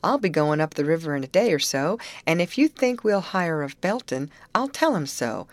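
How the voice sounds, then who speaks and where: A calm, confident male overseer of an orange grove speaks in a storybook reading, voiced by a woman narrator. He talks in a matter-of-fact, reassuring way. His voice comes close and dry. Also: low voice, moderate pace, dry recording.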